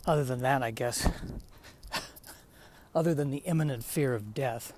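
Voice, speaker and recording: A man's voice: medium pitch, measured pace, a little mellow. A man talks on his own as a podcast host while walking down a street outside, sounding a little winded. He rambles in a wry, self-deprecating way, with faint noise behind him. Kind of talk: casual solo monologue. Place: outdoors on a residential street.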